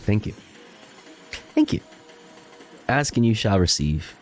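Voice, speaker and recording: A man's voice: fairly low pitch, very animated, takes it slowly, soft background music. A young man streaming a video game, chatting casually with his viewers, playful and jokey and swearing often. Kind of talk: casual gameplay commentary.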